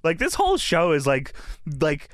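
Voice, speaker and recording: A man co-hosting a casual podcast, excitedly recapping wrestling, laughing and swearing as he acts out quotes. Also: on the high side, moderate pace, no room sound, clean studio sound. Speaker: podcast co-host.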